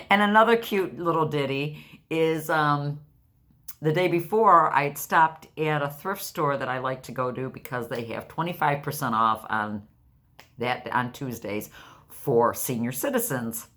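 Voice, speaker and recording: A woman's voice: deep voice, a bit bright. A woman in her sixties chatting to her viewers, telling stories and laughing often. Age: 60s. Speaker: vlogger. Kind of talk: casual chat to camera.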